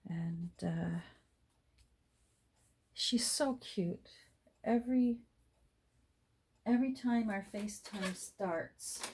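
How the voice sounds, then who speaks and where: A middle-aged woman chatting casually while she crafts at home, rambling along and murmuring soft asides to her materials. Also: mid-range voice. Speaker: junk journal crafter and vlogger.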